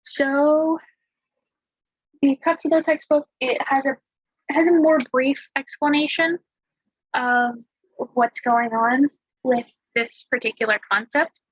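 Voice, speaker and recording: A woman tutoring a language lesson over a screen share in a relaxed, chatty way, talking through examples. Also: sits high, takes it slowly, pauses often, no echo, dull audio. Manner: relaxed, chatty explaining with fillers and small laughs.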